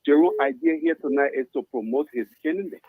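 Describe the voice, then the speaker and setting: Husky, gravelly man on a phone line. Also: medium pitch, fast, no room sound. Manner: animated, insistent, repeats his point. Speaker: caller. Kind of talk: impassioned phone-in complaint.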